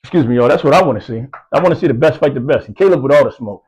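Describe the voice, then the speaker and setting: A man's voice: mid-range voice, expressive, rapid-fire, a little mellow, slightly rough, poor audio. A man giving casual boxing commentary, rambling with lots of fillers and street slang, from the US East Coast. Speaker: boxing news vlogger.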